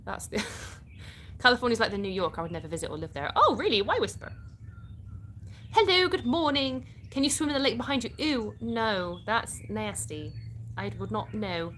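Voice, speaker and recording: A woman's voice: medium pitch, moderate pace, fairly bright tone. British woman, live-stream host, chatty, reading out comments, faint background noise. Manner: chatty, laughs often, answers viewers directly.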